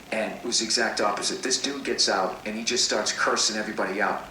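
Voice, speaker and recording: Profane, animated male comedian telling a story. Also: on the low side, quick pace. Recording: roomy, distant recording with faint noise.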